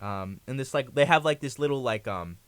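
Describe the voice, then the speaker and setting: A young man on a talk show, telling a long personal anecdote with a loose, rambling flow. His voice sits at an ordinary middle pitch. The sound is close and dry, with no room around it. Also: animated, a little fast, a bit bright, clean tone, dry recording. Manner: rambling anecdote full of fillers and restarts. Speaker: guest. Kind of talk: casual storytelling on a talk show.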